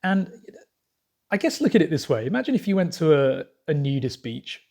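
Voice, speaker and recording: A man's voice: on the high side, sing-song, normal speed, gravelly, darkish tone. A man talking casually to camera as a vlogger, rambling with frequent fillers and restarts.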